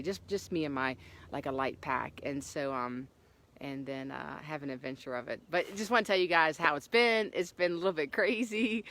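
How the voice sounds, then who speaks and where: A middle-aged woman hiker chatting to her camera outdoors on a trail, telling a story with lots of fillers and animated swings. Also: sits low. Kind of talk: casual vlog chat. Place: outdoors on a hiking trail in the morning.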